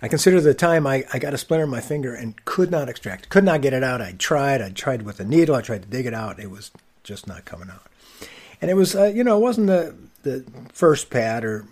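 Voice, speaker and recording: A man hosting a podcast, telling a personal story in a wry, conversational way, with sudden emphatic rises and drops. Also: breathy edge. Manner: wry, conversational, with emphatic swings in pitch and loudness. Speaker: podcast host.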